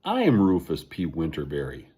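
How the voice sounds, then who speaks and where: Old male Sasquatch, voiced by a man: strong, suspicious, blustery; husky, lively delivery. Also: extremely low pitch, moderate pace, exaggerated voice. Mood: gruff. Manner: blustering, accusing.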